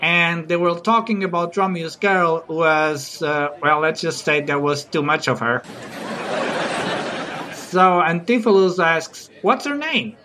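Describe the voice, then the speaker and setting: A man's voice: fairly high pitch, takes it slowly, noisy background. A man doing a stand-up comedy routine, chatty, teasing the audience and giggling at his own jokes.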